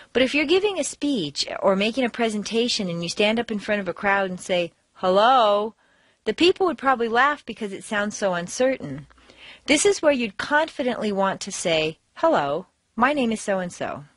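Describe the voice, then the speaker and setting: A woman reads an accent-training lesson from a script. Her intonation rises and falls in big, deliberate swings, and her pitch sits in a middle range. She is recorded dry and close. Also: no room sound. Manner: exaggerated teaching intonation. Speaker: language teacher.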